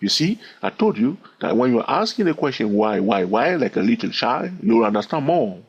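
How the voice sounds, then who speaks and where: Man, trading instructor, husky voice, lively sing-song counting, repeats himself, dull lo-fi recording. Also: medium pitch, a little fast. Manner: repetitive, keeps asking "all right?"; counts wave numbers aloud in a sing-song way. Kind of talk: recorded chart lesson.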